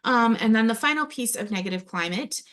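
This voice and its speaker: A woman's voice: a little high, expressive, brisk, a bit bright. A woman trainer giving a recorded training presentation, speaking hesitantly with frequent ums and restarts. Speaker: early childhood classroom observation trainer.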